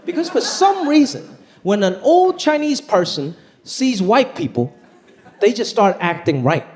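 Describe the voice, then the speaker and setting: A young man from Los Angeles doing an animated stand-up set on a comedy club stage into a handheld mic, rising to near-shouts on punchlines. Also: high voice, unhurried. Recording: live club, audience noise.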